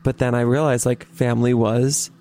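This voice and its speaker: A young man telling a story in casual talk, animated, with lots of swearing and "like". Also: mid-range voice, normal speed. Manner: animated, swears a lot, heavy use of "like".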